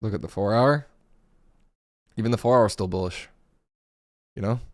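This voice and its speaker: A man with a hoarse, gravelly voice giving casual live commentary while day trading, thinking aloud over his charts. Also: lowish voice, normal speed, a little mellow, no room sound, clean studio sound. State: hoarse, voice going.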